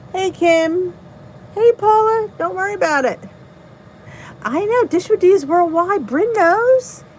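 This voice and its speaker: A woman's voice: sits high, a little mellow, low-quality recording. Chatty jersey lady doing a live chat, greets viewers, laughs at herself, bit of hiss. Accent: New Jersey. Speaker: channel host reading live chat. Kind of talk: casual live-stream chat.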